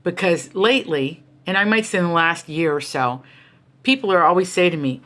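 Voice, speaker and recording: She's a middle-aged woman from the United States, a guest author in an interview, animatedly telling stories about her family. Her fairly low voice moves briskly with lively intonation and has a pushed, bright quality. She speaks with passion and emphasis, breaking into other people's voices as she quotes them.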